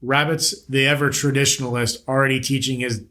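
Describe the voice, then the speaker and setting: A man's voice: medium pitch, flat delivery, brisk, pushed and bright. A man in his thirties hosting a podcast, chatting casually and joking, with blunt, frequent swearing. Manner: blunt, swears freely, jokey. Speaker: podcast host. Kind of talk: casual interview chat.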